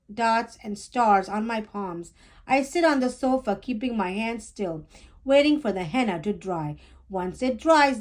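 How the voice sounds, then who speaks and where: A woman reading a children's picture book aloud in a gentle, clear storytelling manner, hosting her own storytime. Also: a little high. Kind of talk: children's read-aloud narration.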